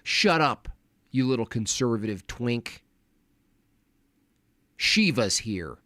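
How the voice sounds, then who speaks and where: A man putting on a mocking impression of a smug, taunting male politician, with a sneering, drawn-out delivery. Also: medium pitch, lively intonation, pushed and bright, no echo.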